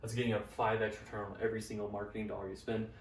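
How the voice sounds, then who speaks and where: A man's voice: on the low side, monotone, racing. A young man casually explaining a business funnel at a whiteboard, upbeat and slangy. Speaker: business coach. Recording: roomy, from a distance, faint noise.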